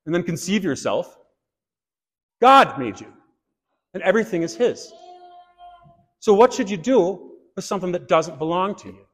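A man's voice: high voice, very animated, moderate pace, pauses often, slightly rough. A man preaching a sermon in church, earnest, turning to a light personal story now and then. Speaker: pastor. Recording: long reverb of a church hall.

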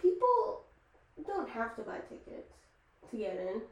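Slow, lively teasing woman. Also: fairly high pitch. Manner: teasing, laughs often. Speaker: podcast co-host. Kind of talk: casual chat. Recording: echoey room from far off, clear noise.

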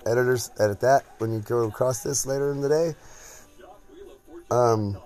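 A man's voice: medium pitch, fairly even intonation, normal speed, pauses often, a little mellow. A man hosting a casual podcast chat at home, crude and joking, rambling from one thing to the next. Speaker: podcast host.

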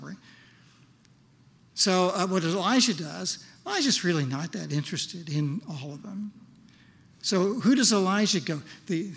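A man preaching a sermon in church, animated and conversational, often asking his listeners questions. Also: high voice. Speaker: pastor.

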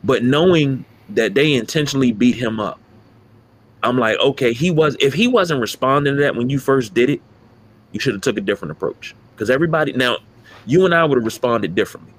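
A man's voice: medium pitch, expressive, a little fast. A man co-hosting a casual sports talk podcast, emphatic and profane as he rants about players. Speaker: podcast co-host.

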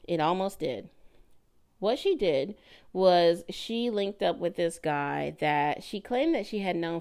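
A woman with a lowish, gravelly voice tells a personal story on her podcast. She talks casually and animatedly, laughing as she goes and putting on voices for the people she quotes. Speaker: podcast host.

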